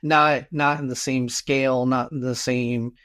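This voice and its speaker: A man's voice: medium pitch, fairly even intonation, a little slow, fairly bright tone, clear, resonant tone. A man co-hosting a podcast, musing aloud in casual discussion and often tagging thoughts with a questioning "right?". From United States. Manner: musing, rhetorical "right?" tags. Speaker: podcast co-host.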